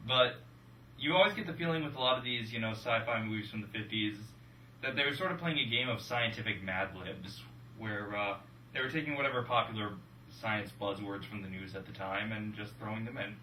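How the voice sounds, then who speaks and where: A young man co-hosting a casual movie-review chat with wry, deadpan jokes. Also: fairly low pitch, brisk, slight background noise. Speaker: film review podcast co-host. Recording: roomy room from a distance.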